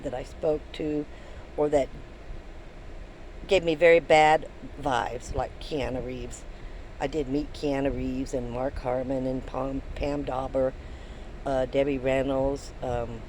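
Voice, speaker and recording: A woman's voice: low voice, a little mellow, slight background noise, poor audio. An older woman vlogging from her van, telling a story in a chatty, rambling way with many ums and restarts. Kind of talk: casual storytelling to camera.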